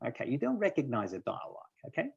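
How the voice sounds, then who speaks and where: Gravelly-voiced male English teacher online. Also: medium pitch, huge pitch swings, fast talker, muffled recording. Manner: patient, quizzes students by name. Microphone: video call.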